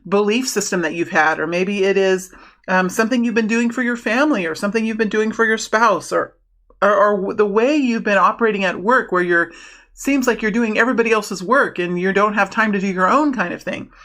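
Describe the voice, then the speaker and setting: A woman's voice: mid-range voice, a little fast, a bit bright. A woman giving a casual tarot reading to her viewers, rambling and friendly, with many restarts and fillers. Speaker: tarot reader.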